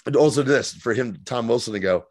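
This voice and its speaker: A man in his thirties co-hosting a casual podcast, recapping a TV episode in an animated, profane way and slipping into quick mock voices. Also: medium pitch, slightly rough, no echo. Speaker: podcast co-host.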